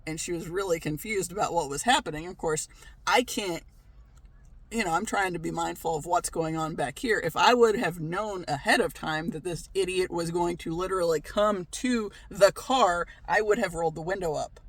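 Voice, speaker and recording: A man's voice: sits high, moderate pace, fairly bright tone, dry recording. A man telling a story in a casual vlog, ranting, swearing freely and laughing often. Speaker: vlogger.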